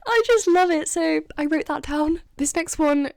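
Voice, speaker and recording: A woman's voice: high voice, normal speed, vocal fry, a little mellow. A woman vlogging in a casual, chatty way, laughing often and acting out lines she quotes. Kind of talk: casual chat.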